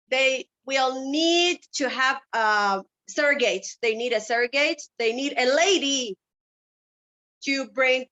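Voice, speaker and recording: Pushed, bright and cutting, a woman's high voice carries personal stories to a summit audience. She speaks with passion and drives her point home with a stream of rhetorical questions, all on a muffled lo-fi recording.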